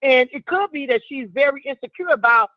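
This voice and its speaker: A woman calling into a talk show and offering her opinion in a reflective, measured way. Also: high voice, no echo, muffled recording. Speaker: caller.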